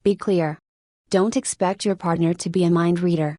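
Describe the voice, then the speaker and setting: A woman narrating a nonfiction audiobook in a steady, even read-aloud manner. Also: on the low side, moderate pace, no room sound, clean studio sound.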